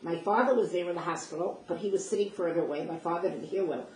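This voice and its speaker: Low-voiced and darkish in tone, an older woman moves at a quick pace through her personal memories. She tells them vividly and emotionally in the first person, acting out the dialogue, recorded on a distant mic in a roomy space with faint noise.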